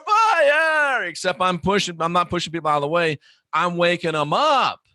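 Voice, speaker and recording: Blunt, animated man host. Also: fairly high pitch, dry recording, studio quality. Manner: blunt, animated, swings into loud mock shouting. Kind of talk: live online show monologue.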